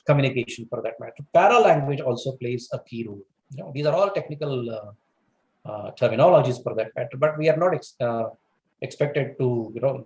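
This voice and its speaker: A man from India giving a lecture on English, explaining at length with lots of "you know" and "for that matter", his pitch rising and falling for emphasis. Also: a little mellow, echoey room, rough recording. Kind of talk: recorded lecture.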